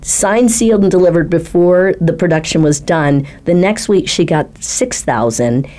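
A woman who coaches speakers and ghostwrites talks, telling a success story in a lively way and acting out the voices she quotes. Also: on the low side, moderate pace. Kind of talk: animated storytelling in a panel chat.

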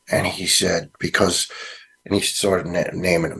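A middle-aged retired fire lieutenant with a New York accent, answering an interview question in a halting, earnest way with many restarts. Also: male voice, sits low, flat delivery, fairly bright tone, slight background noise. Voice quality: gravelly, husky. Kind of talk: interview answer, personal account.

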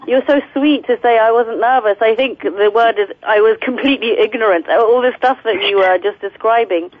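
A woman calling in to a talk show, laughing easily and pausing with ums. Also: a little high, no room sound, narrow, tinny audio. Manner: warm, laughing, hesitant with ums. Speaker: actress guest. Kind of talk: casual phone-in chat.

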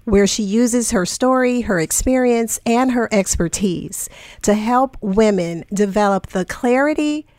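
A woman's voice: medium pitch, clear, resonant tone, no echo. Upbeat woman podcast host, dry studio sound. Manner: enthusiastic, effusive. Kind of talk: upbeat show introduction and casual chat.

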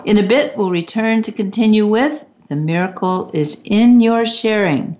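A woman co-hosting a talk radio show, reading a scripted announcement in a smooth, even way. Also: mid-range voice, normal speed. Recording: dull lo-fi radio audio.

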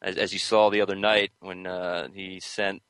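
A man co-hosts a sports talk show with a loose, joking manner and lots of fillers. His voice sits a little low but sounds bright, recorded dry and close at a studio mic. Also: little pitch movement, moderate pace, clear, resonant tone, no echo, low-quality recording. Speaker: sports talk radio co-host. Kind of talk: casual sports radio banter.

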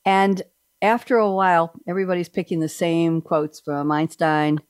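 A middle-aged woman hosting a talk show, chatty and playful, with lively asides. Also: fairly low pitch, normal speed, smooth, no room sound, clean studio sound. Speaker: host.

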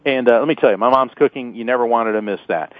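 A man, a lawyer and psychic author guesting on an interview show, telling family anecdotes in a lively way and chuckling often. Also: mid-range voice, fast talker, no echo. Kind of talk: storytelling interview talk. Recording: tinny phone-like, dry sound.

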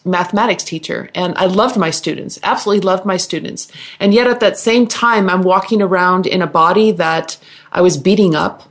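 A middle-aged woman, a guest healer, telling her personal story on a radio interview in an earnest, halting way, with restarts and repeated words. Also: mid-range voice.

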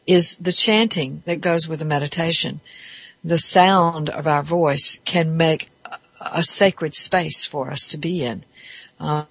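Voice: medium pitch, fairly bright tone, no room sound. A therapist giving a reflective podcast talk, explaining ideas step by step in a thoughtful way.

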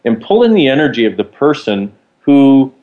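A man's voice: mid-range voice, very animated, normal speed, narrow, tinny audio. A man co-hosting, explaining ideas in a casual, rambling teaching chat. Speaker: co-host.

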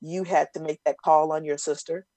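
A woman co-hosts a casual conversation, her voice sitting on the low side. She teases her partner in an animated way, with sudden loud bursts. The sound is dry and close. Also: a little fast, no echo. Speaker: co-host. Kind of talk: casual chat.

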